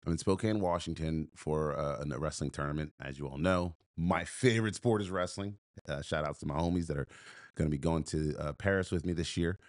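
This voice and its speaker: A man with a deep voice tells a story on a podcast, emphatic and punchy, repeating phrases and restarting himself. The recording is studio quality with no room sound.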